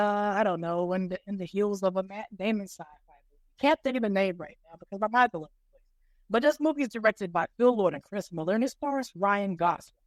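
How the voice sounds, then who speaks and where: A man hosting a podcast, pitching movie plots in a playful, teasing way and reading summaries out slowly. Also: dry recording. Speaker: podcast host. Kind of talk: casual podcast chat, mock pitch role-play.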